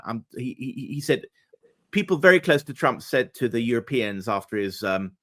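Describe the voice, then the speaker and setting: A man giving casual political commentary, animated and sarcastic, his voice jumping up when indignant. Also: mid-range voice, fairly quick.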